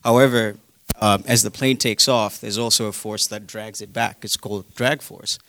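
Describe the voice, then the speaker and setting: Gravelly British man explaining science. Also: on the low side, fairly even intonation, normal speed, bright, forceful tone, no echo. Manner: hesitant, with frequent fillers. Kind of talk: casual explanation.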